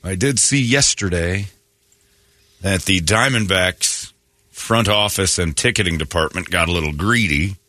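A man's voice: sits low, unhurried, no echo, clean studio sound. A man hosting a morning radio show, telling stories with lots of acted-out dialogue and blunt opinions, swearing now and then. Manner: animated storytelling, acts out both sides of conversations. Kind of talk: casual radio chat.

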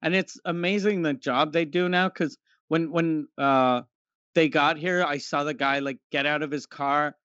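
A man's voice: a little high, fairly even intonation, unhurried, a bit bright, clear, resonant tone, no echo, muffled recording. A man chatting casually on a podcast with a wry, laid-back, profane delivery. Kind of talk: casual chat.

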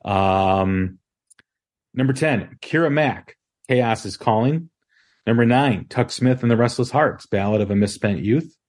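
A man hosting a casual music podcast, talking in a relaxed, rambling way with many ums and restarts. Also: medium pitch, measured pace. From Chicago area. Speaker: podcast host.

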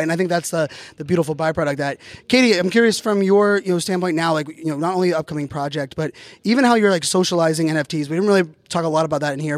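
A man's voice: fairly high pitch, no room sound. A man hosting a podcast, chatting casually at a live event, rambling with many fillers and restarts. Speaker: podcast host.

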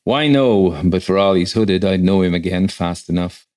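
A man voicing a hearty, rough boatman of olden times who talks in loud, rustic country speech. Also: low-pitched, normal speed, close to an everyday voice. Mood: knowing.

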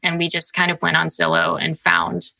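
A woman's voice: fairly low pitch, completely flat delivery, moderate pace, vocal fry, sharp tone, rough recording. A young woman chatting casually as a podcast guest, with many "like" and "um" fillers. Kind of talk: casual interview chat.

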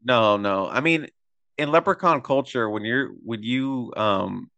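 A man's voice: medium pitch, measured pace, bright, forceful tone, clean tone, no room sound, dull audio. Joking male sports podcast host. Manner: jokey, rambling storyteller. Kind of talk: casual sports podcast chat.

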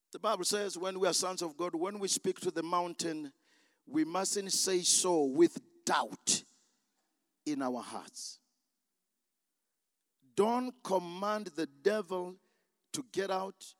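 A man preaching a sermon, emphatic and shouting, calling for the congregation's responses in a church. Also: high voice, slow, pauses often, no echo, studio quality, big-room sound.

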